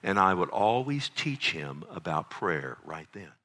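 A middle-aged man preaching a sermon, animated, full of rhetorical questions. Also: low voice, measured pace. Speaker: pastor. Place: church sanctuary.

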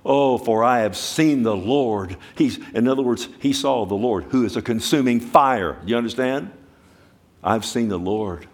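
A man preaching a sermon, asking the listeners direct questions and swinging between hushed asides and loud exclamations. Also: medium pitch, unhurried.

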